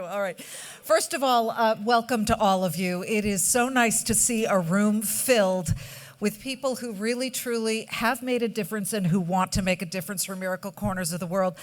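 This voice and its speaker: A woman from California giving a chatty award speech at a charity gala, with joking asides to the audience at a podium microphone. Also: medium pitch. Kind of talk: after-dinner award speech. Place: banquet hall.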